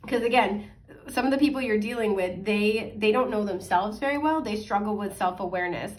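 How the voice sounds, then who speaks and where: A woman's voice: mid-range voice, fairly quick. A woman giving a casual weekly tarot forecast to her viewers, rambling with lots of fillers, correcting herself and apologizing with a laugh. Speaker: astrology and tarot reader. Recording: voice a bit distant from the mic.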